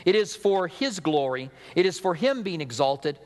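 A middle-aged man preaching in a slightly high voice, his words carrying a long hall reverb. He talks to the congregation in a relaxed, conversational way, breaking into chatty asides and acting out quotes. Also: moderate pace. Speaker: pastor. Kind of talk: sermon.

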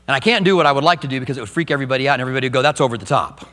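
An older man, a pastor, preaching a sermon with animated delivery and acted-out quotes. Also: mid-range voice, very fast. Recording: long hall reverb, faint mains hum.

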